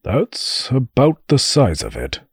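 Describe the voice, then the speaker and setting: A man's voice: mid-range voice, huge pitch swings, slow pace, vocal fry, breathy edge, no room sound, studio quality, voice pushed up, exaggerated voice. A man voicing a sullen, resigned young male halfkin thief in an audiobook fantasy story.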